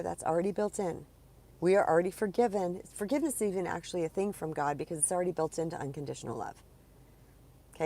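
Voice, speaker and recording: A woman's voice: fairly low pitch, dark tone. A woman speaking as a spiritual coach, giving an earnest, encouraging talk to viewers of a live stream in a conversational way.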